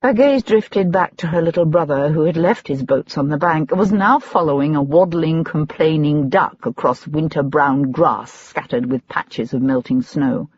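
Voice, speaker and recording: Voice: medium pitch, moderate pace, few pauses, a little mellow, slightly rough, no room sound. An audiobook narrator reading a period mystery in scripted narration. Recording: dull lo-fi audiobook recording.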